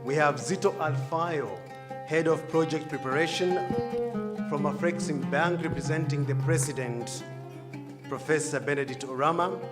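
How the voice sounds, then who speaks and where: A man, a communications director, moderating a formal press conference with ceremonial, upbeat introductions and pauses. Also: on the high side, over loud music. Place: large conference hall.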